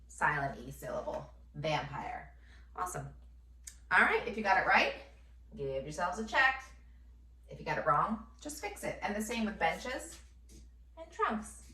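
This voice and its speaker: A first grade teacher woman dictating a phonics lesson, sounding out words slowly and clearly syllable by syllable. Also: mid-range voice, sharp tone. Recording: echoey room, voice from a distance.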